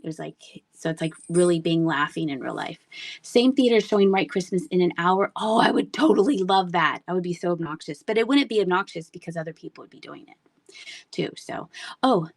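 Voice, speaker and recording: A woman's voice: lowish voice, lively intonation, fairly quick, vocal fry, no room sound, studio quality. A woman hosting a casual live-selling stream from home, rambling between items and reading out viewer comments. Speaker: livestream seller. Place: home room with shelves.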